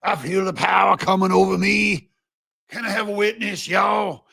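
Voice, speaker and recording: Man doing a high, shouting preacher-style mockery, gravelly edge. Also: fairly even intonation, moderate pace, exaggerated voice. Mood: mocking. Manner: shouting, exaggerated preaching cadence. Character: loud mocking preacher-style male commentator.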